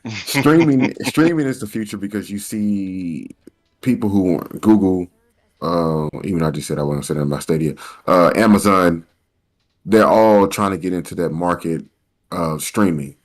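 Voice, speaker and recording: Low-voiced male podcast co-host. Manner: halting, repeats words as he thinks aloud. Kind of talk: casual podcast chat.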